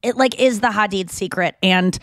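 In a casual podcast chat, a young adult female co-host shares crude, candid anecdotes, performing the quoted dialogue. She speaks at a moderate pace in a medium, slightly bright voice, with no room sound.

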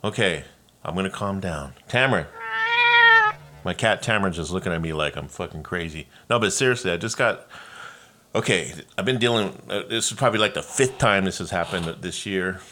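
A man from Los Angeles hosting his own podcast, ranting in a profane, animated way. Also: sits low, brisk, a little hiss or hum. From Los Angeles, USA. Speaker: podcast host. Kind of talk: casual solo rant.

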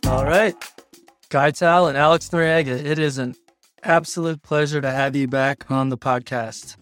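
A man hosting a podcast interview, his voice raspy after an illness, upbeat with some fillers. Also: fairly high pitch, steady tone, moderate pace, a bit bright, no room sound, soft background music. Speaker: podcast host.

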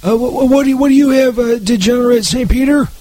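A man's voice: very high-pitched, fast, mellow, no room sound. A man playing the comic sidekick in a radio comedy bit, stammering, boastful and swearing freely.

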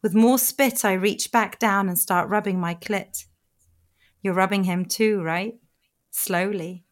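A middle-aged woman from Germany with a German accent, reading her own erotic story slowly in a soft, intimate hush. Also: mid-range voice, steady tone. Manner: slow, intimate, hushed reading. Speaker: erotic writer and narrator. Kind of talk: sensual erotic narration.

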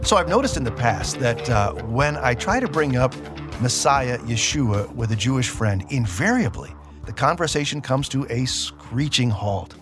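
A man's voice: mid-range voice, lively intonation, normal speed, over music. A man hosting a radio program, asking friendly conversational questions to his guests. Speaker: radio show host. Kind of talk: radio interview.

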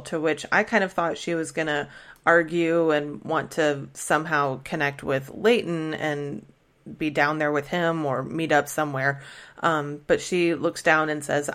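A woman with a notably low voice talks casually as a podcast host, retelling a TV episode scene by scene. She rambles a little, with many fillers and restarts. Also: steady tone, a little slow, fairly bright tone. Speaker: podcast host recapping a TV show. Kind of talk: casual recap chat.

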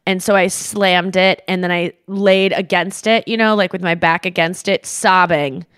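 A woman's voice: moderate pace, clear, resonant tone, no room sound, studio quality. A young woman co-hosting a podcast, telling a story in casual chat and swearing freely. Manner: animated, swears freely, acts out quotes in shrill yells. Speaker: podcast co-host.

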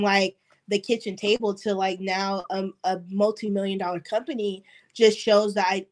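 A woman guest on a podcast, chatting casually and laughing often as she acts out quotes in her stories. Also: medium pitch. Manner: laughs often, peppers speech with "like"; animated storytelling with acted-out quotes. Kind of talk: casual interview chat.

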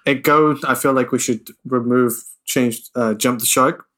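Male podcast co-host, mid-pitched, eager and casual, drops the odd swear word. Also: fairly even intonation, a little slow, a bit bright. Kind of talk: casual film chat.

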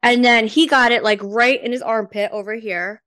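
A woman's voice: a little high, steady tone, moderate pace, a bit bright, no echo, studio quality. A woman with a New Jersey accent co-hosting a podcast, chatting casually with many fillers and incredulous teasing. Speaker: podcast co-host. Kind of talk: casual chat.

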